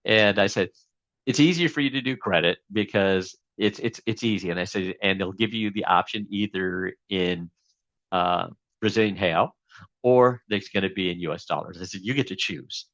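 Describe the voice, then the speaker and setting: A man's voice: low-pitched, moderate pace, a bit bright, no echo, highs cut off. A man being interviewed as a guest, telling a long story casually with many fillers and restarts.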